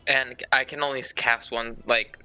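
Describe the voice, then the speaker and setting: A man playing a tabletop game, excitable and swearing freely, laughing often as he plans his moves. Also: mid-range voice, normal speed, smooth, faint music behind. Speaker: player. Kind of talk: tabletop game play, casual.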